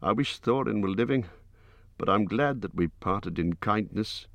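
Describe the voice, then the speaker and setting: A man voicing a small, fussy, kindly male hobbit who speaks in a high, eager, slightly shaky voice. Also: measured pace, fairly bright tone, dry recording.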